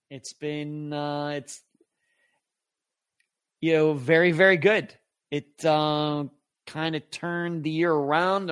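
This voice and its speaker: A man's voice: on the high side, a bit bright, clean tone, no room sound, studio quality. A middle-aged man hosting a live podcast, reading viewer comments aloud in a rambling, chatty way with many restarts. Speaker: podcast host.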